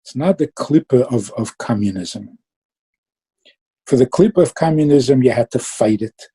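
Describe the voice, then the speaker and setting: Dark, husky-voiced man giving a Chassidic talk. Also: mid-range voice, moderate pace, low-quality recording. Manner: lively storytelling, mixing Yiddish and Hebrew terms. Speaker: Chassidic teacher.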